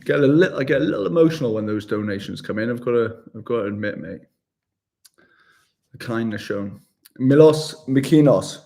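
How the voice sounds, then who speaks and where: A man's voice: medium pitch, expressive, fairly quick, gravelly, mellow. A man, chatting casually with viewers on a live travel stream, upbeat and chummy, calling them mate. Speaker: travel vlogger. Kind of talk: casual livestream chat with viewers.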